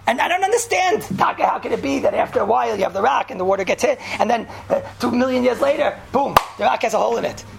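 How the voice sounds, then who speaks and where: A woman gives a mock sermon, excitable and stammering, repeating her phrases. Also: fairly high pitch, fast talker, creaky, hardly any pauses, a little hiss or hum. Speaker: preacher.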